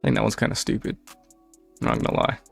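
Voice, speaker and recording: A man's voice: fast talker, faint music behind. A man reacting casually to short clips as host, with offhand remarks.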